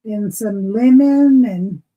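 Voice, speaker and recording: A woman co-hosting a livestream, reading viewer comments and chatting slowly with many fillers. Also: medium pitch, phone-quality sound. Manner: slow and hesitant, many fillers. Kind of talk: casual livestream chat.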